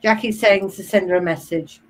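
A British woman co-hosting a web show, calmly reading out viewer comments. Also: medium pitch, a little fast, slight background noise, poor audio. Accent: British English. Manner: calm, reads out comments between short replies. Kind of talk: casual chat.

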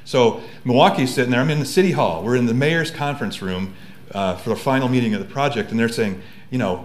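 A man's voice: medium pitch, brisk. A man speaking on a university seminar panel in a conversational way, often correcting himself mid-sentence. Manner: conversational, frequent self-corrections. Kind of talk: seminar talk. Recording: echoey room.

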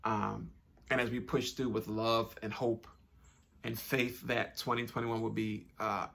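Upbeat gravelly young man vlogging. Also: on the low side, little pitch movement, measured pace, a bit bright, slight background noise. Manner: chatty, upbeat, repeats phrases, informal slang. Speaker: YouTube channel host. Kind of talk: casual direct-to-camera vlog talk.

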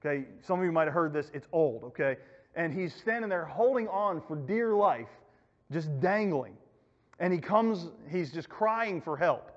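High-voiced youth pastor in an echoey hall. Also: male voice, expressive, a little slow. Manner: casual, storytelling, acts out quotes. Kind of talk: Bible lesson for youth. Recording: echoey hall, muffled lo-fi recording.

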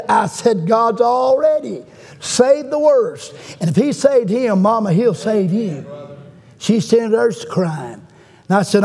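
A man's voice: high-pitched, gravelly, a little mellow. A middle-aged man preaching a fervent revival sermon in a church, telling a story and calling out to the congregation. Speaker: guest preacher. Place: church sanctuary.

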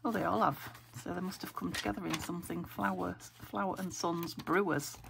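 A woman from England talks to herself over her craft papers. Her voice is low and gravelly, weak from a sore throat, and she often slips into a whisper. There is a noticeable hiss in the recording, and paper crinkles close by. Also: steady tone, a little fast. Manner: chatty, thinking aloud, often dropping to a whisper. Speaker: craft vlogger. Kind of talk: casual chat while sorting craft papers. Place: craft room at home. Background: paper crinkling and clicks.

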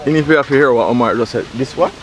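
A man's voice: medium pitch, very fast. A man hosting a food vlog, tasting dishes at an outdoor riverside cookout and describing them with frequent exclamations and appreciative hums. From Jamaica. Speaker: food vlogger host. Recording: loud crowd chatter outdoors.

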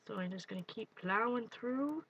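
A woman hosting a live art stream, chatting excitedly as she works and greets viewers. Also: fairly high pitch, normal speed, slightly rough, dry recording, highs cut off. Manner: excitable, talks while working, greets viewers. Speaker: art livestream host. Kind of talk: live crafting demo, chatty.

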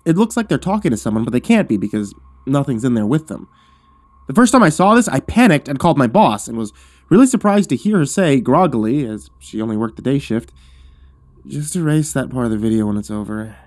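A man reading a first-person horror story aloud in a measured, hushed storytelling manner that drops low at tense moments. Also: very animated, no echo.

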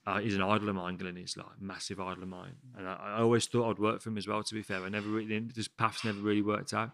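A man in his thirties from the West Midlands of England, a chef chatting as a podcast guest, excitable, swearing freely and calling everyone mate. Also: fairly low pitch, fast, gravelly. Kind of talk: casual interview chat.

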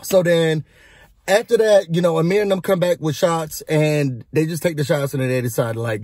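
A man with a high, slightly husky voice dishes on a reality show in a casual, gossipy recap. He is sassy and chatty and speaks straight to his viewers. The sound is dry and close, with no room echo. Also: normal speed, a little mellow.

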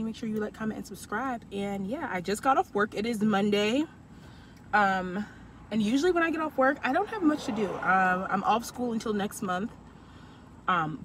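A woman in her twenties talking to camera from her car about her week, chatty and heartfelt. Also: mid-range voice. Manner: chatty and heartfelt, gets emotional and tearful. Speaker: vlogger. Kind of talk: casual vlog talk to camera. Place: parked car with the window down. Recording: car window open to street traffic. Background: passing traffic.

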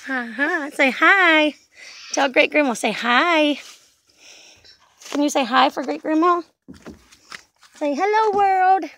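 Very high sing-song grandmother. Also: slow, pauses often, sharp tone, a little hiss or hum. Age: older. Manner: sing-song, coaxing, playful. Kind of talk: baby talk to a toddler. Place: back yard, outdoors.

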